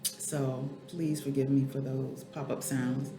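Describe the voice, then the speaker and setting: A woman's voice: very deep voice, level tone, takes it slowly, music in the background. Teary woman in an echoey room. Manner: candid, rambling, talks to herself by name. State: teary, eyes watering. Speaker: spiritual life coach and vlogger. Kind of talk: emotional personal vlog. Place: home room at a computer.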